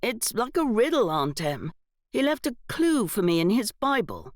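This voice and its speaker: Young gentleman lord, mild and thoughtful, read by a woman narrator. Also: on the high side, sing-song, moderate pace, no echo, studio quality, pitched above the performer's own voice.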